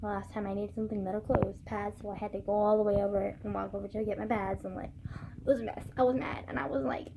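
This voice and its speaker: A woman's voice: medium pitch, level tone, quick pace, creaky, noisy background. A teenage girl rambling casually while sick and congested, swearing often and filling with "like". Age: teens. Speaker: vlogger.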